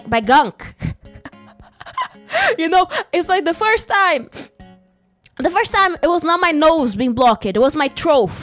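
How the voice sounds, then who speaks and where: Woman, streamer, high voice, rambling, giggly, getting over a sore throat, soft music behind. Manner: rambling, giggly, greets chat mid-story. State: recovering from a sore throat and cough. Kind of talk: casual livestream chat.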